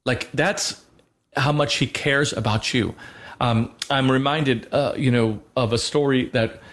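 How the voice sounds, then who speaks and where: A man co-hosting a Christian show, speaking earnestly in a halting way, often restarting as he teaches and tells a personal story. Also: mid-range voice, fairly even intonation, fairly bright tone. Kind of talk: faith talk with personal storytelling.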